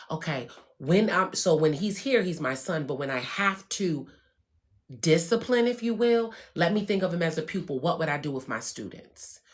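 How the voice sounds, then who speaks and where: A spiritual wellness host speaks candidly on her own show, giving a blunt, profane motivational talk. Her low-sitting voice swings between hushed calm and loud, emphatic bursts.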